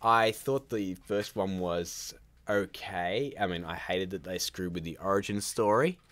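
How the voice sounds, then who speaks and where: This is a man with a very low voice hosting a casual live stream from home. He rambles through blunt, opinionated takes, cutting himself off and circling back as he goes. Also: measured pace, a bit bright. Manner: rambling, opinionated, self-interrupting. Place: at home by a computer, child nearby.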